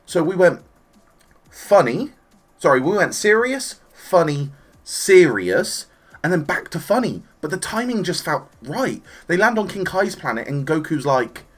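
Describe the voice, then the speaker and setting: A man giving a casual, enthusiastic spoken review of an anime episode, chatty and animated, now and then acting out the characters' lines. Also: on the high side, moderate pace.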